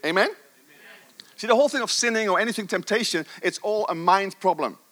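A man's voice: high voice, fairly quick, fairly bright tone. A middle-aged man preaching a sermon with passion, stressing his points and repeating phrases for emphasis.

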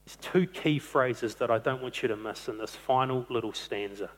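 A man's voice: medium pitch, normal speed. A man preaching a sermon, earnest, stretching out key phrases for emphasis. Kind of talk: sermon on a psalm. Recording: long hall reverb.

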